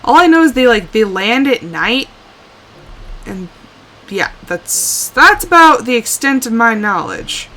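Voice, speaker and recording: A tired woman streamer chatting casually while she plays, rambling, sighing and trailing off into quiet asides. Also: on the high side, very animated, measured pace. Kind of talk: casual live-stream chat while playing.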